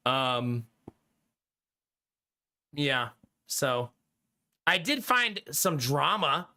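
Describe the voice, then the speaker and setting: A man's voice: fairly high pitch, sharp tone. A man streaming live and chatting casually with his viewers, rambling through a story, laughing often and swearing casually.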